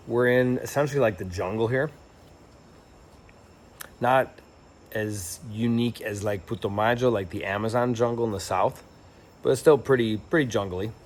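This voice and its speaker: A young man telling a travel story in a casual, rambling and reflective way, with lots of fillers and restarts. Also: mid-range voice. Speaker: travel vlogger.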